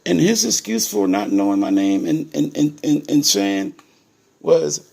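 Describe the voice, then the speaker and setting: Gravelly-voiced man addressing viewers directly. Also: on the high side, animated, a little slow, warm tone. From Ohio, USA. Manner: emphatic and repetitive, addresses viewers as "people". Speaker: parent telling his story to viewers. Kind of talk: casual direct-to-camera monologue.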